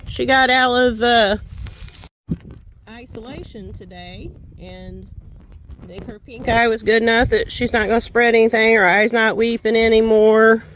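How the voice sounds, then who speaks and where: A woman's voice: on the high side, a bit bright, slight background noise, poor audio. A tired woman chatting casually to her vlog audience outdoors by the animal pens in a folksy way. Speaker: homestead vlogger. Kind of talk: casual chat to camera.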